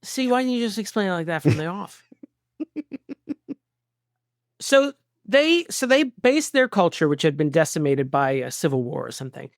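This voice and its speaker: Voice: mid-range voice, lively intonation, moderate pace, pauses often, no echo, clean studio sound. A podcast co-host in casual chat, rambling through nerdy asides and laughing often. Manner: rambling, self-described nerd logic, laughs often.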